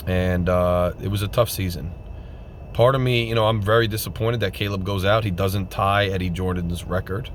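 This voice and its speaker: A man giving an emphatic, repetitive postgame rant as a fan vlogger, swinging between loud outbursts and subdued sadness. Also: fairly low pitch, slight background noise.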